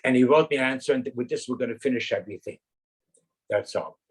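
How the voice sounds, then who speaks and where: A man's voice: medium pitch, quick pace, slightly rough, poor audio. A man in his eighties from Canada, earnestly reminiscing in an interview with rambling anecdotes. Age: 80s.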